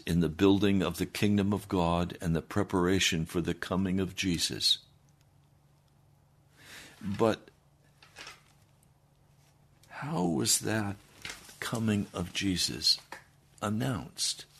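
A man preaching a sermon, swinging between loud declarations and hushed, low passages. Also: slow pace, vocal fry, pauses often.

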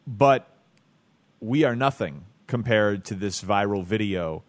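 A man's voice: lowish voice, animated, takes it slowly. Playful male radio host. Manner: joking, playful, laughs often. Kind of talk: casual sports radio banter.

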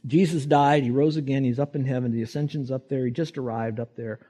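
A man's voice: mid-range voice, fairly even intonation, a little fast, mellow. A man preaching a sermon in an earnest, conversational way, rising emphatically to make his points.

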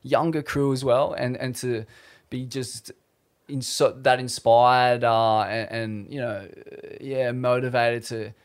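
A relaxed man hosting a podcast, talking in a loose, rambling way full of slang and the odd curse. His voice sits at an ordinary middle pitch, easygoing and unhurried. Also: smooth. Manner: laid-back, slangy and swearing, rambling. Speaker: podcast host. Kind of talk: casual chat.

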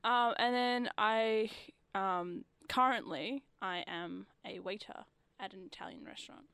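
Young woman, casual radio guest, rambling and filler-heavy, mid-pitched, dry studio sound. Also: a little slow, vocal fry, a bit bright, clean tone, no room sound. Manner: chatty, lots of "like" fillers, acts out customers.

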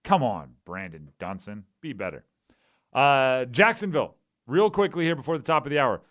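A man hosting a sports talk radio show, animated and acting out voices as he argues his points. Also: mid-range voice, moderate pace. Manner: animated, acts out quoted voices.

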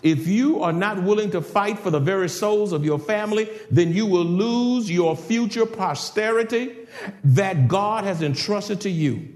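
An older man preaching a sermon in a church, swinging from shouted exhortation to hushed passages. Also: high voice, unhurried. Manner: preaching with rising shouts and sudden quiet passages. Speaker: pastor. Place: church sanctuary. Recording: roomy church echo.

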